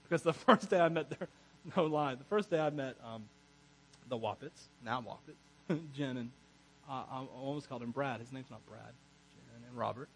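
A man preaching a sermon as pastor, animated, laughing often and breaking into chatty asides. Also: mid-range voice, normal speed, slight background noise, low-quality recording.

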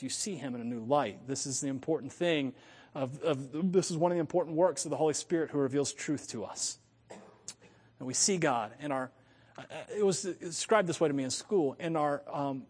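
A man from the United States preaching a sermon in an animated way, thinking aloud and correcting himself as he goes. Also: on the high side, long reverb tail. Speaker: pastor.

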